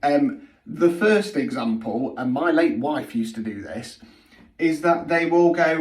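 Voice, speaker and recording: A man's voice: fairly high pitch, expressive, measured pace, far from the mic. A middle-aged man, giving a blunt, sweary spiritual healing talk that he keeps punctuating with "okay?". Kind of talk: blunt direct-to-camera monologue. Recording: roomy sound from off the mic.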